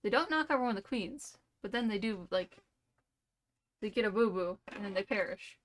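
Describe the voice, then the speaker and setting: A woman's voice: mid-range voice, expressive, moderate pace, a little hiss or hum. A young woman streamer telling a rambling, playful made-up story full of "like" and "you know".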